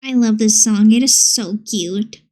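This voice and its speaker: A woman's voice: fairly high pitch, measured pace, dark tone. A woman streamer chatting casually and playfully with her viewers, reading their messages aloud. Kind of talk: casual live-stream chat.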